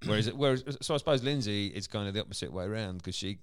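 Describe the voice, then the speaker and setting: Quick-talking man, lowish voice, co-host in easy banter. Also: dry recording, clean studio sound. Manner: chatty, laughs often. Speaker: podcast co-host. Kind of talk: casual chat.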